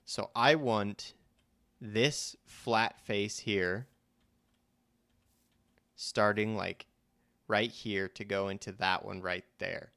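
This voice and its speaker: A man's voice: on the low side, steady tone, very slow, vocal fry, long pauses, bright, forceful tone. A young man casually commenting on his own gameplay during a live stream, thinking aloud and restarting his sentences as he goes. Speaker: let's play host.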